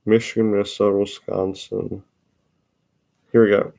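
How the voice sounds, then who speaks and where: A man's voice: lowish voice, flat delivery, normal speed, creaky, very noisy. A young man with an Upper Midwest accent, rambling in a casual solo vlog, drawing out his vowels and repeating words. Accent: Upper Midwest American. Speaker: vlogger.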